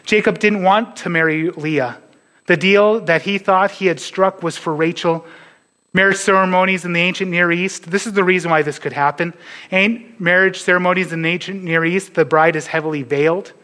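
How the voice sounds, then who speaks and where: A pastor preaching a sermon to his church, earnest and sometimes dropping to a hush on key points. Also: high-pitched, fairly even intonation, normal speed.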